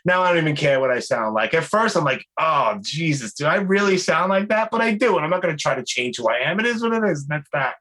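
A man's voice: fairly high pitch, sing-song, racing, hardly any pauses, fairly bright tone. A man with a Brooklyn accent hosting a podcast, chatting loosely, swearing casually and going off on tangents. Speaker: podcast host. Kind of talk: casual chat.

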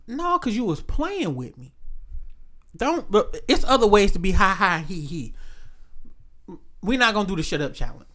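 A man's voice: high-pitched, sing-song, moderate pace, long pauses, fairly bright tone. A man, chatting casually and telling stories bluntly and emphatically, with quoted voices. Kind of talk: casual chat.

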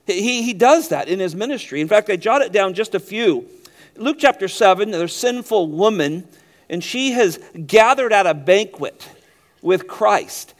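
High-voiced preacher swinging loud and soft. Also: male voice, animated, measured pace. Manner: swings between loud emphatic stretches and quiet low passages; repeats words when he restarts a phrase. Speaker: pastor. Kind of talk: sermon.

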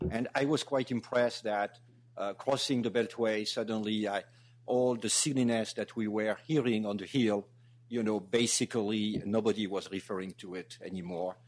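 A man from France with a French accent giving welcome remarks as a guest speaker, halting with many restarts and fillers. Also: lowish voice, steady tone.

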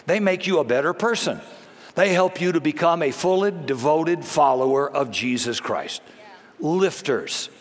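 A male pastor delivering a sermon, telling stories with humor and emphasis. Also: a little high. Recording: long reverb of a large hall.

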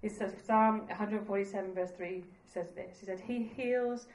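A woman's voice: medium pitch, steady tone, moderate pace, a little mellow, reverberant, rough recording. A woman preaching a sermon in an earnest, conversational way, laughing at herself now and then.

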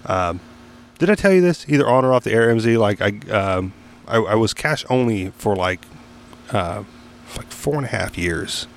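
A man with a fairly low voice talks through a long story in a relaxed podcast chat. He stops and restarts often, fills gaps with "um" and "like," and swears casually along the way. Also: moderate pace, a little hiss or hum. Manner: rambling storyteller with many restarts and fillers. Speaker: podcast host.

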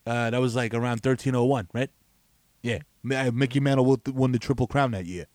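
A man's voice: mid-range voice, fairly even intonation, fairly quick, a little mellow, no room sound, close to an everyday voice. A man doing a rambling sports-radio host. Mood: deadpan. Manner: meandering, lots of uh and you know.

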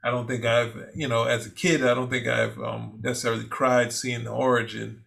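A man with a gravelly, fry-edged voice talks through a film review in a loose, rambling way. He restarts his sentences often and laughs easily as he goes. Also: medium pitch, little pitch movement, fairly quick, fairly bright tone. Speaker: co-host. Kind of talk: casual film review chat.

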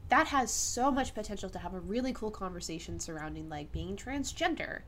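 A woman co-hosting a podcast in casual chat, earnest and opinionated, quick to laugh. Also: medium pitch, lively intonation, crowd noise. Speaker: podcast co-host.

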